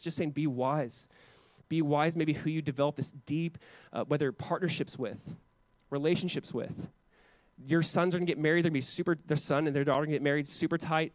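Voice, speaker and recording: Animated, chatty male pastor preaching. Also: on the high side, brisk, dry recording. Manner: conversational, animated, lots of casual asides. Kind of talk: sermon.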